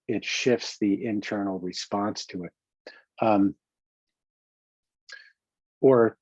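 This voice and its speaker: A man with a New York accent talks through coaching exercises in a calm, reflective manner, often pausing and restarting. His voice sits low and mellow. The recording is dry and a little dull. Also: no room sound. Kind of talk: self-help teaching talk.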